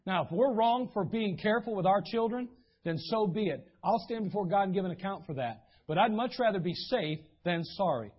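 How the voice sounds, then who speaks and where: A man with a high, husky voice preaches to his congregation, spinning folksy stories and briefly acting out the people he quotes. The recording sounds dull and muffled. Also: animated, a little fast. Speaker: pastor. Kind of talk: sermon. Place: church sanctuary.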